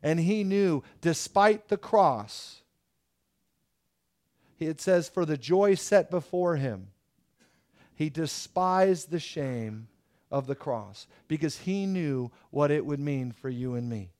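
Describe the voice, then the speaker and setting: A middle-aged man preaching a sermon as pastor, telling stories in an animated way. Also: on the high side, slow. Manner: animated storytelling with acted quotes.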